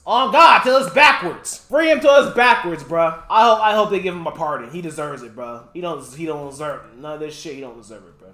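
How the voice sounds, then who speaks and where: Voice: medium pitch, expressive, fairly quick, few pauses, bright, forceful tone. A streamer giving live reaction commentary, ranting with lots of profanity and talking straight to his chat. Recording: roomy echo.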